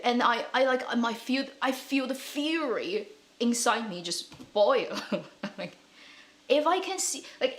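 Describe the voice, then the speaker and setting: A woman hosting an online drama commentary channel, chatting casually in an animated, ranting way with frequent laughs and fillers. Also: a little high. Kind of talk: casual chat.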